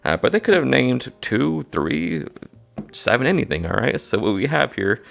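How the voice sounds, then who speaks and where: Male card-magic teacher, casual and gravelly, keeps checking in with the viewer. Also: medium pitch, sing-song, moderate pace, fairly bright tone. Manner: casual, repeats "all right?" to check in. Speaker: magic instructor. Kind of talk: card trick tutorial.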